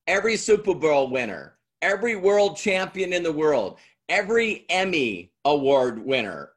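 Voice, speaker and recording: Brief: middle-aged man, motivational speaker, slow deliberate delivery, fairly high voice. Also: a bit bright. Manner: emphatic, repeats lines, quizzes audience. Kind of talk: motivational stage talk.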